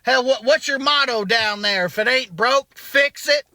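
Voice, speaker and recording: A man's voice: extremely high pitch, moderate pace, sharp tone, dry recording. A comedian playing an indignant man ranting about a restaurant. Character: angry Southern male restaurant regular. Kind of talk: comic monologue.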